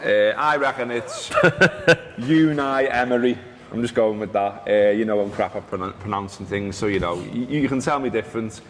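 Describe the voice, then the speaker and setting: A man's voice: lowish voice, normal speed, a bit bright, big-room sound, slight background noise. A man hosting a football podcast in a loose, teasing chat, tripping over names. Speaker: podcast host. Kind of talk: casual chat.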